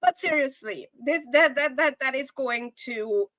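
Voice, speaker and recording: A woman's voice: high voice, a little slow, sharp tone, no echo. A woman hosting her channel's live show, talking casually and emotionally to viewers. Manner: emotional, laughing, chatty with viewers. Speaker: channel host. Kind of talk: casual livestream chat.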